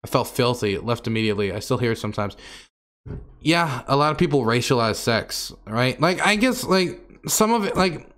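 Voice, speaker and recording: A man's voice: medium pitch, lively intonation, normal speed, fairly bright tone. A man telling a story to his stream audience in a candid, exasperated, rambling way full of fillers.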